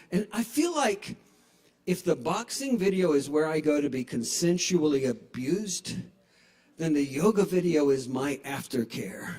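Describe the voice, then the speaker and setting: A man's voice: fairly high pitch, very animated, measured pace, darkish tone. A man in his sixties doing a stand-up comedy set in a small bar, telling wry, profane stories into a stage microphone. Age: 60s.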